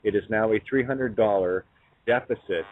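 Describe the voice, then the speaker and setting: A man hosting a talk show who speaks haltingly with many fillers and breaks in on his guest. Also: on the low side. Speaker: host. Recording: tinny phone line.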